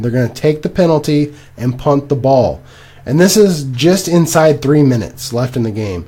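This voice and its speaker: A young man co-hosting a casual podcast, rambling and animated as he recaps games. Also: fairly high pitch, moderate pace, breathy edge. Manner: animated, rambling, laughs at himself. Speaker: podcast co-host. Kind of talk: casual fantasy football chat.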